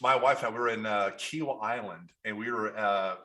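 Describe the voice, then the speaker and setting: A man with a Kentucky accent talks quickly as a podcast guest, his voice bright and forward. He rambles through anecdotes, restarts his sentences and acts out the people he quotes. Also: on the low side. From Kentucky, USA. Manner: animated storyteller, restarts often, acts out quotes. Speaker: guest photographer. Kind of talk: casual interview chat.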